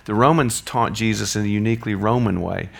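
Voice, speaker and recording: A man's voice: fairly low pitch, a little fast, gravelly, slightly rough. A man teaching a Bible lesson in a conversational way, restarting phrases and asking rhetorical questions.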